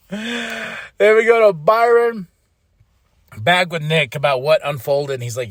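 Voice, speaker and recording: A man hosts his own podcast and recaps a wrestling show in casual chat. His voice sits high for a man, and he sounds animated, laughing often and acting out what the wrestlers said. The sound is dry and close, with no room around it. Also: slow, long pauses, no echo. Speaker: podcast host.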